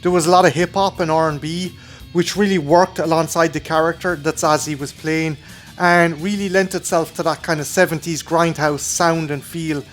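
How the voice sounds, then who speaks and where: A man's voice: on the high side, steady tone, moderate pace, a bit bright, soft background music. An Irish man hosting his own film review channel, talking casually and enthusiastically with plenty of swearing. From Ireland.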